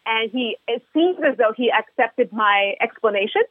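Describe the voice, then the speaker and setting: A woman guest host tells a story in a lively, sheepish way, with a raised pitch that swings widely. Her voice is a little husky and comes over a dry, narrow, phone-like line. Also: normal speed, dry recording. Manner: lively, sheepish, quotes herself in dialogue. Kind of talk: casual storytelling chat.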